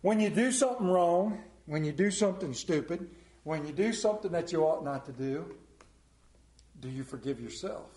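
A man preaching a sermon, telling stories in a folksy way and dropping to a hush for quoted lines. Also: a little high, expressive, moderate pace, echoey room. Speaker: pastor. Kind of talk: storytelling sermon.

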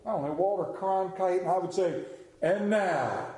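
A man's voice: high-pitched, fairly even intonation, a little fast, mellow, reverberant, rough recording. A male pastor giving a sermon, reading scripture, leading prayer and telling stories in a conversational, lightly humorous way. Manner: conversational storytelling, self-deprecating humor.

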